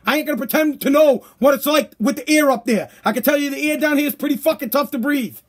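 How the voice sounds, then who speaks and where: High-voiced man ranting on a podcast. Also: fast. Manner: ranting, profane, sarcastic. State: tired, voice worn out. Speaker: podcast host. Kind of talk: casual profane monologue.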